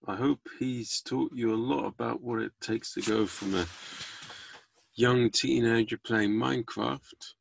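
A man's voice: mid-range voice, fairly even intonation, a little slow, creaky, slight background noise. A man hosting a podcast, chatting casually and signing off with cheeky jokes. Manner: cheeky, jokey sign-off, plain-spoken. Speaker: podcast host.

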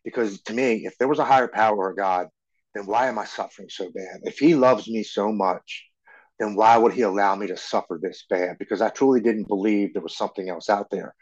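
On a dull, lo-fi podcast recording, a guest in his forties recounts his own story earnestly, stumbling and repeating words as he goes. He speaks fairly quickly in a lowish voice with a breathy edge.

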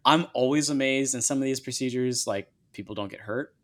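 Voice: mid-range voice, a little fast, fairly bright tone. A podcast host in casual chat who shares stories and acts out quoted dialogue.

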